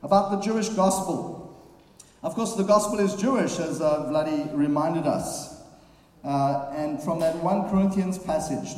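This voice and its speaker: A man delivers a sermon in a big, echoing hall, his somewhat high voice ringing with a long reverb tail. He reads scripture aloud and talks at an unhurried pace, pausing with fillers. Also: darkish tone. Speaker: preacher. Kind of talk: sermon summary. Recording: very echoey hall.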